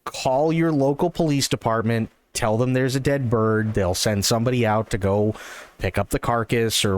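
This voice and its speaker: A calm, reassuring woman police dispatcher, as a man quotes her in a story. The voice stays mid-pitched and steady, and she talks patiently. The sound is close and dry. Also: no room sound, natural voice. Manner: calm, reassuring, stifling laughter.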